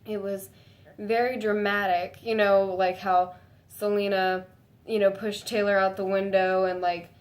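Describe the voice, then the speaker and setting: A woman vlogging to her viewers in a gushing, excitable way, full of "like" fillers and breaking into high squeals. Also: unhurried. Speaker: fan vlogger. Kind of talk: casual chat to camera.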